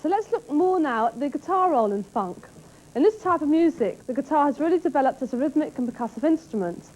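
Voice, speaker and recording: A woman presenting a music lesson in a clear, scripted, explanatory way. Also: high voice, expressive, fast, low-quality recording.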